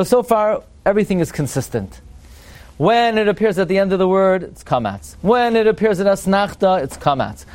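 A man with a fairly high voice leads a Torah class. He quizzes the room and slows down to chant verses as he makes each point. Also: darkish tone. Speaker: Torah teacher.

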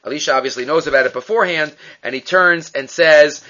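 A man's voice: on the high side, quick pace, sharp tone. A man teaching an informal Bible class, retelling the story with Hebrew terms and acting out the quoted lines. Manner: mixes Hebrew terms into English. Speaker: Torah teacher. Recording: dull lo-fi recording.

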